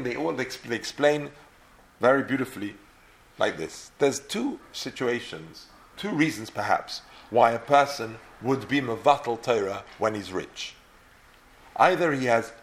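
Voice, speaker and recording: A man leading a Torah class who asks questions and then works through the answers. He says the Hebrew terms with an Ashkenazi pronunciation and lays out each point step by step. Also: mid-range voice. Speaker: Torah teacher. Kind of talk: Talmud class lecture.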